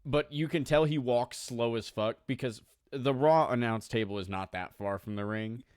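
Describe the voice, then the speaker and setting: A man co-hosting a casual podcast, recounting events blow by blow with swearing and quick impressions. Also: medium pitch, darkish tone, clean tone, no echo, studio quality. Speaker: podcast co-host. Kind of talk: casual chat.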